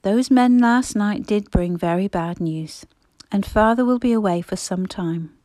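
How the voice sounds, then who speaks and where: A woman voicing a gentle, worried Victorian mother who speaks softly and tenderly, in a storybook reading. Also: mid-range voice, measured pace, dry recording, natural voice. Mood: earnest. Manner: soft, hushed, tender.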